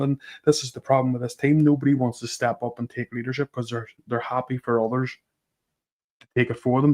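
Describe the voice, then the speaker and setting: A man's voice: medium pitch, a little mellow. A man on a podcast complaining about his team, exasperated and mocking. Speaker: podcast co-host. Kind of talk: casual football chat.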